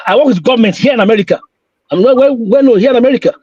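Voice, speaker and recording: A male caller on a live talk show speaks in an extremely high, rapid-fire voice with a darkish, breathy tone. He is insistent and repetitive, frequently stumbling over his words. The recording is dry and muffled.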